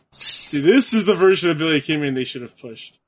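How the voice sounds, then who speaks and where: A man's voice: a little high, expressive, normal speed, breathy edge. A man co-hosting a casual chat while watching wrestling, laid-back and asking short questions. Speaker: podcast co-host.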